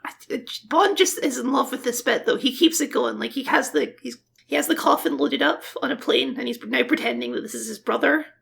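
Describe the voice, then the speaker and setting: A woman's voice: high voice, a little fast, creaky, a bit bright, breathy edge. A woman co-hosting a podcast, making wry remarks in a casual film chat. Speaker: podcast co-host.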